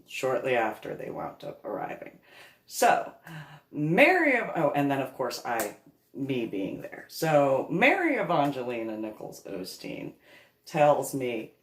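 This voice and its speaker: A woman's voice: extremely low pitch, very animated, measured pace, roomy sound. A woman telling a comic family story, laughing often as she goes. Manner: laughs through her telling. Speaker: comedic storyteller. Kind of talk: comedic personal anecdote.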